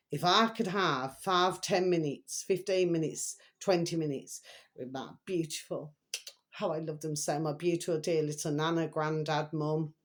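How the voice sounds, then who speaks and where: A middle-aged woman rambling in a casual, emotional monologue to her viewers, full of repeated pet phrases. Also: low-pitched. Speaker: vlogger.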